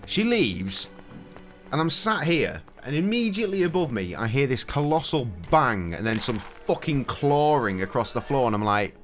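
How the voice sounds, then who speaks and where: A man's voice: lowish voice, expressive, moderate pace, faint music behind. A middle-aged man, streaming a video game at home and telling stories in sweary, cheeky banter. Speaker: gaming streamer. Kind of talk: casual commentary with storytelling. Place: home, indoors.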